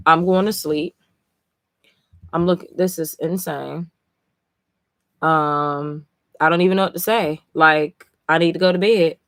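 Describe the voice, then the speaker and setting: A woman talking casually on a live stream, tired after a long session, excitable and full of swearing. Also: sits low, unhurried, pauses often, dry recording, studio quality. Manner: excitable, profane, emotional. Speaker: live-stream comic reader.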